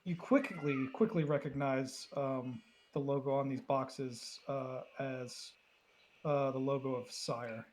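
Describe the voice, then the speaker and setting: A man's voice: medium pitch, steady tone, slow, darkish tone, slight background noise. A man narrating as game master of a tabletop game, laughing often. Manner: laughs often, hesitant with fillers.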